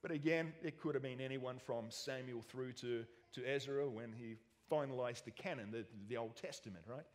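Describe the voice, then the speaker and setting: A man with an Australian accent preaching a sermon in a church, jokey and animated with self-mocking asides. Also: mid-range voice, moderate pace, hardly any pauses. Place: church hall. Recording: long church hall reverb.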